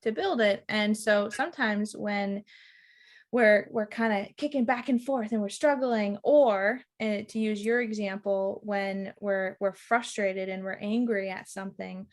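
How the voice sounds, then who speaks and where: A woman's voice: mid-range voice, steady tone, unhurried. A middle-aged woman, a relationship mentor, speaking thoughtfully as a podcast guest and acting out little quoted lines. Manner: thoughtful, reflective, restarts and acts out quotes. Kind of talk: casual interview chat.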